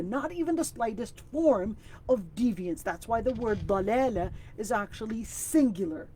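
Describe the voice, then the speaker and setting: A woman teaching an online Quran exegesis class. She explains each word carefully and recites the Arabic passages quickly and with emphasis. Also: mid-range voice, lively intonation, mellow, breathy edge. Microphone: video call.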